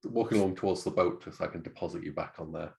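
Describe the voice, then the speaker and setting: A very deep-voiced man with a gravelly edge, rambling through his character's actions in a tabletop game. He hesitates and circles back as he talks. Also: fast, darkish tone. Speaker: player.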